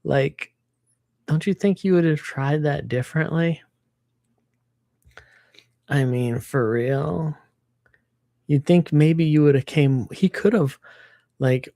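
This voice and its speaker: A woman rambles through a story on her livestream, cursing casually and rushing between tangents. Her voice sits warm and mellow. The sound is dry, with no room echo. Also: low-pitched. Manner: animated storytelling, swears freely, acts out quotes.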